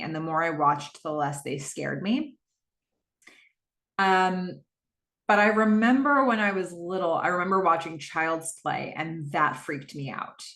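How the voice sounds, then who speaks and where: A woman's voice: lowish voice, pushed and bright. A woman hosting a podcast, recapping a TV episode in a casual, chatty way with frequent fillers. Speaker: podcast host. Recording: roomy echo.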